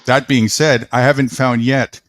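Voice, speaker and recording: A man's voice: mid-range voice, little pitch movement, normal speed, a bit bright, no echo, studio quality. A man musing at length in a casual late-night chat, rambling and swearing now and then. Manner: rambling, philosophical, profane.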